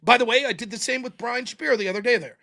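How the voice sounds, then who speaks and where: A man's voice: very high-pitched, racing, sharp tone. A man hosting a live-streamed talk show in casual, profane chat, often mimicking other people in mocking voices. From United States. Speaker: show host. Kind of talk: casual livestream debate chat.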